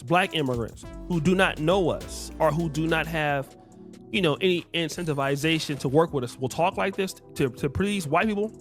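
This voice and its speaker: A man giving earnest, emphatic opinion commentary, often restarting his sentences. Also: fairly high pitch.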